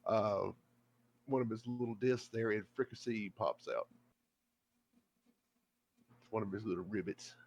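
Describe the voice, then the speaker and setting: A man's voice: on the low side, measured pace, long pauses, darkish tone. A man playing in a tabletop role-playing game, describing his character's actions. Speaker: player.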